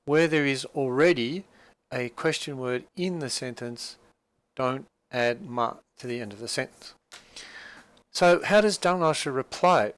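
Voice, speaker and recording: A man's voice: medium pitch, a little slow, fairly bright tone. A man teaching a language class, explaining a dialogue patiently with frequent fillers and restarts.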